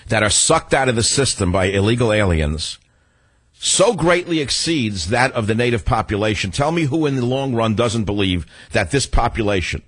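A man's voice: fairly low pitch, breathy edge, no room sound. A man hosting a political talk radio show, delivering a combative, sarcastic monologue.

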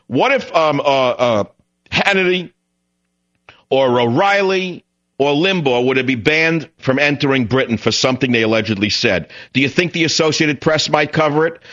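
A man's voice: medium pitch, fairly bright tone, dull audio. A man in his sixties hosting a talk radio show, delivering an opinionated monologue in a combative, sarcastic manner full of rhetorical questions.

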